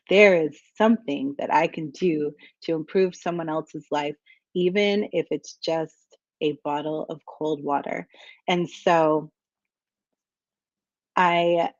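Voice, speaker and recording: A woman's voice: lowish voice, darkish tone, no echo, lo-fi sound. A woman, likely a coach for women entrepreneurs, telling a personal story in a casual rambling way with fillers, restarts and frequent little laughs.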